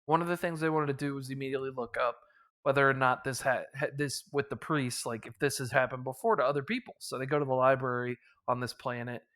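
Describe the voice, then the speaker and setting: A man's voice: mid-range voice, fast, fairly bright tone. A man casually recapping a tabletop campaign as its game master, rambling with lots of fillers and chuckles.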